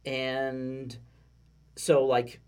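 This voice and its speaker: A man's voice: mid-range voice, completely flat delivery, drawn-out words, a little mellow, clear, resonant tone. A man with a Southern US accent, from Texas, explaining ideas in casual podcast chat and often restarting his sentences. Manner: explanatory, stacks restarts when thinking.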